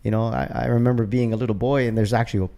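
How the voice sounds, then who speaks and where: Guest DJ, 50s man, Canadian accent, warm gravelly voice, chatty animated storyteller. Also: mid-range voice, racing. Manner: animated storyteller, peppers talk with "man", "bro", "you know". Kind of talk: casual storytelling chat.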